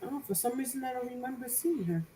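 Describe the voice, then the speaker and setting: A woman's voice: sits high, animated, fast talker, mellow. A woman co-hosting a casual livestream, reading viewer comments aloud and greeting viewers by name. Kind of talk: casual chat. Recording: echoey room with clear background noise.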